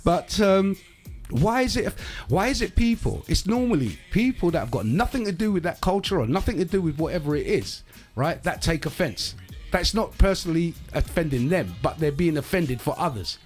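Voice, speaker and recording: Animated, emphatic man hosting a podcast. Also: on the high side, normal speed, hardly any pauses, faint music behind. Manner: emphatic, animated, rhetorical asides. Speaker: podcast host. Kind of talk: casual chat.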